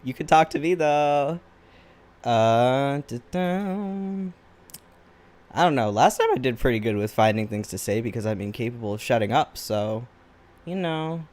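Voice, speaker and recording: An unhurried, slightly mellow voice of medium pitch belongs to a tired man drawing on camera. His casual chat drifts along and he keeps knocking himself.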